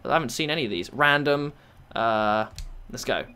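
A young man giving chatty, excitable live commentary over his own gameplay. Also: medium pitch, moderate pace, clear, resonant tone. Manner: excitable, chatty, bursts into shouts and laughs. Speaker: gaming YouTuber.

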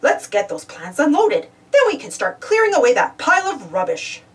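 A woman's voice: sits high, wildly swooping pitch, normal speed, far from the mic. A woman voicing a cheerful, hardworking male builder in a storybook reading, kindly and patient.

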